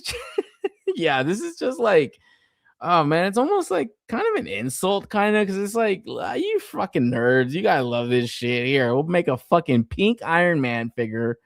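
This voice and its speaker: Animated, profane man ranting. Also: mid-range voice, no room sound, studio quality. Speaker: podcast host. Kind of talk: casual ranting podcast talk.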